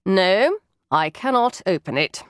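A woman's voice: mid-range voice, sing-song, measured pace, clean tone, dry recording. Proud male detective, read by a woman, clipped and assured, dry close sound. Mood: musing.

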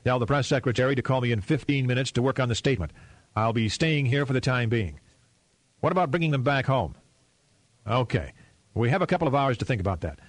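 A man reading the lines of a male president, speaking quietly in a clipped, menacing way, his anger held tightly under control. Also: medium pitch, animated, fast talker, dry recording, pitched above the performer's own voice, natural voice. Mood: brisk. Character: furious, grimly calm male president.

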